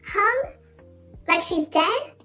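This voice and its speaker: A woman doing a frantic young woman with a very high, shrill voice who pleads urgently. She fires off breathless questions, as in a storytime retelling of a novel. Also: animated, extremely slow, sharp tone, faint music behind, full character voice. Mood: distraught.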